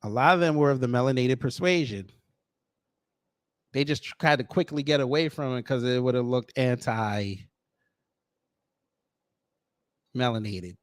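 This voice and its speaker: A man hosting a reaction commentary channel, talking in an animated, sardonic, conversational way. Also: mid-range voice, slow, long pauses, no room sound, studio quality.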